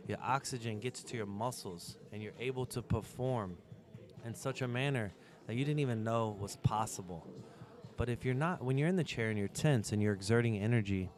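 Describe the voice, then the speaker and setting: A man's voice: medium pitch, fairly quick, a little mellow. A man co-commentating a pool match, who also gives lessons, speaking earnestly in a motivational coaching way about the mental game. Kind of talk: live sports commentary.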